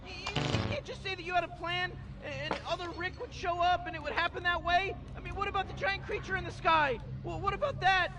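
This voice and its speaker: A man's voice: extremely high pitch, steady tone, brisk, hardly any pauses, crowd noise. A man voicing Morty, an anxious teenage boy sidekick who stammers constantly, as a fan impression over gameplay. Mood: outraged. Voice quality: nervous stammer. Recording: loud music underneath.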